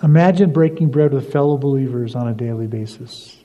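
An older man preaching a sermon as pastor, telling stories and moving between emphatic lines and soft, confiding ones. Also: mid-range voice, brisk. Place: church sanctuary. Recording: dull lo-fi recording in a reverberant church hall.

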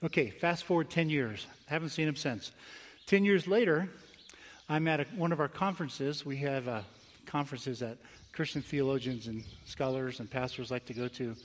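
A male pastor telling a story in a conversational sermon, with quick asides and slow, emphatic phrases. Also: medium pitch. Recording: long hall reverb.

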